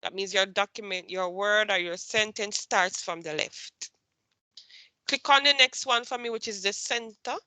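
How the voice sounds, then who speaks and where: A woman teaches a computer class in a bright, forceful voice, recorded close and dry. She questions her students patiently and repeats each point until it lands. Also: medium pitch, moderate pace, dry recording.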